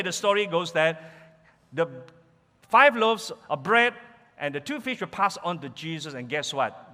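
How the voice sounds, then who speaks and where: Male preacher, sermon, animated storytelling, high and lively voice. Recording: reverberant hall.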